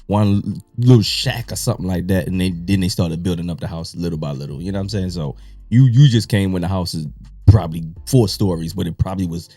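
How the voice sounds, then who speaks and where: A man's voice: low voice, fairly quick, mellow, dry recording, soft background music. A man hosting a reaction show, chiming in and agreeing as he comments on a story. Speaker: host reacting to a clip.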